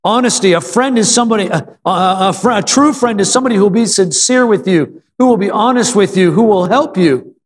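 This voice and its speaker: A man's voice: high-pitched, a little fast, hardly any pauses, big-room sound. A male pastor delivering a sermon, calling for amens and repeating phrases for emphasis. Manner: call-and-response preaching with frequent amens; repeats phrases for emphasis, some filler stumbles. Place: church sanctuary.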